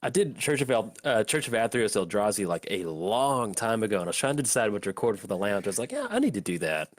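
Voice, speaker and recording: A man's voice: on the low side, expressive, quick pace, no room sound. Male host, card game night, cheerful and giggly, dry close mic. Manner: upbeat, laughs often. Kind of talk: casual chat while playing a card game.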